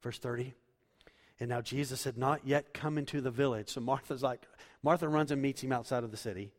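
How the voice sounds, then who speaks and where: A male pastor preaches in a middle-pitched voice, walking his listeners through scripture verse by verse. His words carry a long reverb, as if he is speaking in a large church sanctuary. He swings from quiet explanation to loud, emphatic declarations. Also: fairly even intonation, brisk. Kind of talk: sermon.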